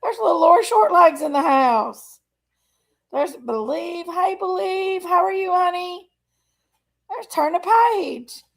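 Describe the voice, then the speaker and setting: Her high, gravelly-fry voice is expressive and slow as this livestream host talks casually with live viewers. She welcomes each by name, uses honey and y'all, and gets emotional while being open about her personal struggles.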